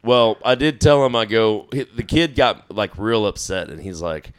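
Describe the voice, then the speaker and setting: A man on a podcast, telling stories in a casual, animated way, swearing freely and acting out his own panic. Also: lowish voice, moderate pace, smooth. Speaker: podcast guest. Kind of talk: casual storytelling chat.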